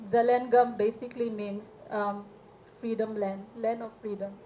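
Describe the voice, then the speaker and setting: Young woman from Manipur, student speaker, higher voice, hesitant and earnest; tinny phone-quality audio. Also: level tone, moderate pace. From Manipur, India. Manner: hesitant, earnest, many fillers. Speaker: student representative speaking at a solidarity event. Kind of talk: public speech. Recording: tinny phone-like live stream with faint noise.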